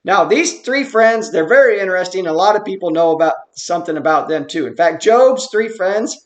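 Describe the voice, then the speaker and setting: A man teaching a Bible study in an earnest, explanatory way, reading verses slowly and then commenting on them. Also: sits high, expressive. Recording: roomy echo.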